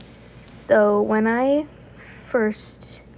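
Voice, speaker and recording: A woman's voice: on the high side, very slow, darkish tone, slight background noise, low-quality recording. A woman in her twenties chatting casually on a livestream, rambling and repeating herself. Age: 20s. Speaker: vlogger.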